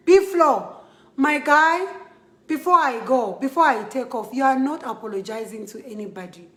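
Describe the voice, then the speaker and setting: A woman's voice: high voice, echoey room. A young Zambian woman with a Zambian accent, making an emphatic, impassioned direct-to-camera appeal. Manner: emphatic, repetitive, pleading and scolding. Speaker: model speaking out.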